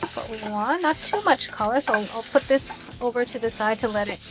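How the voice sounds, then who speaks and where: A woman's voice: a little high, fairly quick. A woman hosting her cooking channel, chatting playfully and explaining each step as she cooks in her kitchen. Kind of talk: casual cooking vlog. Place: home kitchen with food sizzling. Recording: background music under the voice. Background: music and sizzling pan.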